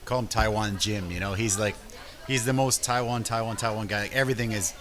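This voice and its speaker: A man from Canada, a restaurant owner and chef, telling casual, animated anecdotes in an interview and acting out quotes with lively voices. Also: fairly low pitch, fairly quick, a crowd in the background.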